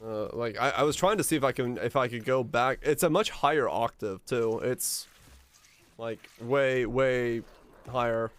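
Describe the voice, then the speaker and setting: A male streamer chatting casually with his viewers in a relaxed, rambling way, his deep voice supported from the diaphragm. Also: measured pace, clear, resonant tone. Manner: rambling and relaxed, with frequent restarts.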